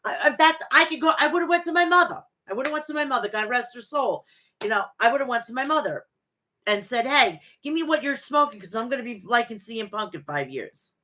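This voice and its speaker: Bright-voiced woman in her forties chatting wrestling. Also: a little high, animated, fast. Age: 40s. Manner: profane, gushing and rambling. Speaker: wrestling podcast host. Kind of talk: casual chat reading live chat.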